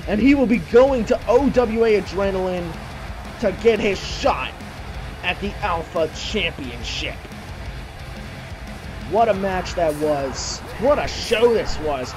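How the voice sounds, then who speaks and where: Excitable male play-by-play caller, unhurried pace, clear music bed underneath. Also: high voice. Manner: excitable, bursts into shouting at big moments. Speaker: wrestling commentator. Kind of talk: play-by-play wrestling commentary. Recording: clear music playing behind.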